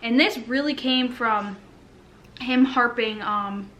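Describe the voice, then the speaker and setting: A woman's voice: fairly high pitch, slow, fairly bright tone, slight background noise. A young woman chatting casually to the camera at home, rambling with lots of fillers, a little out of breath while pregnant. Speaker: lifestyle vlogger. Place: home, indoors.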